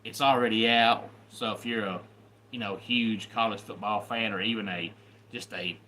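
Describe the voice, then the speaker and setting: A man's voice: fairly low pitch, fairly even intonation, moderate pace, sharp tone, slight background noise. A man hosting a live stream, greeting viewers by name in loose, chatty talk. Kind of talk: casual live stream chat.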